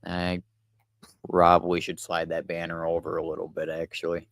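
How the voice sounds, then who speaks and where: A young man chatting casually to his livestream viewers while he works, relaxed and rambling. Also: low voice, moderate pace, no echo. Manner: relaxed, rambling, talks to chat while working.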